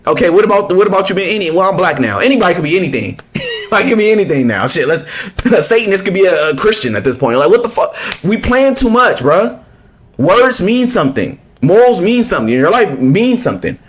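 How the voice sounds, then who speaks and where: A man's voice: high voice, sing-song, brisk. Heated, profane man reacting. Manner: blunt, profane, heated, lots of restarts. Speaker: political commentator reacting to a clip.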